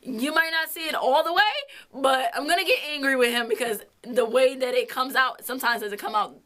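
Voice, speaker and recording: Young woman, bright higher voice, blunt storyteller who swears and laughs a lot. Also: fairly quick. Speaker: co-host of a couple's vlog. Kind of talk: casual storytelling chat.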